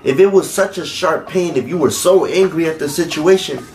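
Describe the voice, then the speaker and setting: A man hosting a reaction video, pausing a clip to challenge what was said, with music playing behind him. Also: a little high, darkish tone. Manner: questioning, challenging, pauses the clip. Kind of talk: commentary on a played clip.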